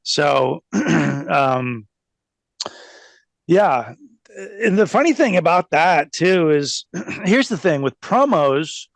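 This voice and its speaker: A man's voice: fairly high pitch, big pitch swings, extremely slow, vocal fry, pauses often, no echo. A man telling stories as an interview guest, rambling, laughing often and mocking things. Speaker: guest, former pro wrestler. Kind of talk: casual interview storytelling.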